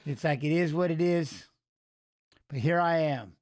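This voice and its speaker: A man's voice: on the high side, unhurried, darkish tone. A man giving casual, rambling commentary on a live fight watch-along, chatting with viewers as he watches. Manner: rambling, talks to chat viewers, emotional.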